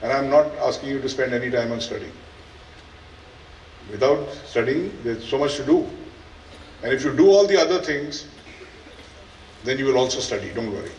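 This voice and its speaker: A man's voice: medium pitch, a little hiss or hum. A man with an Indian English accent, head of a school, giving an earnest valedictory speech to students with dry humour. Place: large school event hall. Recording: echoey hall, voice from a distance.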